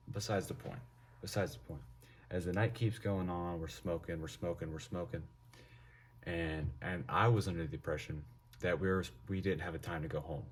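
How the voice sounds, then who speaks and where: A young man telling a casual storytime with lots of swearing and animated delivery. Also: low-pitched, normal speed. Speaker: vlogger.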